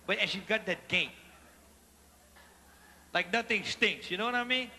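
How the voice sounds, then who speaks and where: With a high-pitched, gravelly, sharp voice at normal speed, a Cajun-accented comedian does live stand-up storytelling from a theater stage, folksy and chatty as he teases the crowd. The recording has long hall reverb, faint noise and audience laughter.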